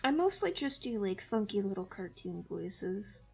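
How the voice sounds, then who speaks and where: A woman's voice: mid-range voice, sing-song, a little slow, vocal fry, dark tone, husky, soft background music. A woman player in a tabletop game, chatting casually with brief, laid-back replies. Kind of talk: casual chat on a voice call.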